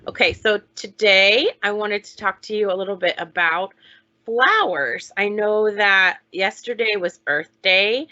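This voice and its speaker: A woman teaching young children online, talking slowly in a sing-song way as she leads chants, songs and counting. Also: medium pitch, sharp tone, highs cut off. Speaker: preschool teacher.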